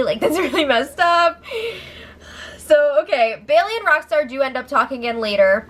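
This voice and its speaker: A woman's voice: high-pitched, lively intonation, moderate pace, a bit bright. A woman hosting a casual reality-TV recap, with sarcastic, incredulous asides. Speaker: show recap host.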